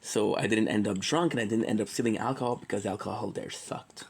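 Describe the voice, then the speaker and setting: A man's voice: fairly low pitch, quick pace, gravelly, breathy edge, low-quality recording. A man from Quebec, Canada, rambling through a joking, tangent-filled casual monologue and swearing freely. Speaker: streamer.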